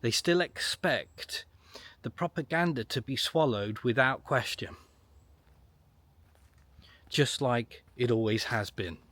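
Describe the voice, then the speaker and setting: A middle-aged man holds forth in a solo commentary, emphatic and repetitive, driving each point home. His voice sits at an ordinary pitch. The recording is dry and close, with no room sound. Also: fairly bright tone, no room sound. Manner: emphatic, repetitive, ranting with long pauses. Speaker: online political commentator. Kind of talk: solo monologue to camera.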